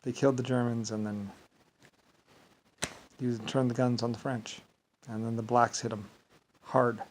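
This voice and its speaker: A man telling a story in a rambling casual monologue, full of halting restarts and repeated filler words. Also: medium pitch, level tone, slight background noise, poor audio.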